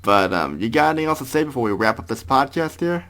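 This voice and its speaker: A man of middling pitch hosts a relaxed gaming podcast. He speaks casually, often stumbling and repeating words as he lines up what comes next. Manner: halting, repeats words when wrapping up. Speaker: podcast host.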